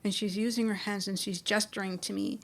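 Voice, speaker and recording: Gravelly-voiced woman telling a spiritual story. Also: mid-range voice, fairly even intonation, fairly quick. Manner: conversational, many restarts and fillers. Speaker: spiritual speaker. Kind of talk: personal storytelling talk.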